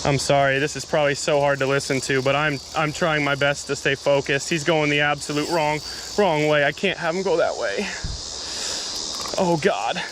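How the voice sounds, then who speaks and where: A young man giving excited, breathless running commentary as he fights a fish by a river outdoors. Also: fairly high pitch, moderate pace, background noise. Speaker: fishing vlogger. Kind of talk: live fishing commentary.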